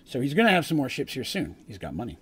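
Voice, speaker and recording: A man's voice: medium pitch, wildly swooping pitch, fast talker, fairly bright tone, husky. A man game master recapping a tabletop session in a casual, rambling way, often correcting himself mid-sentence. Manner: rambling, self-correcting, chatty asides.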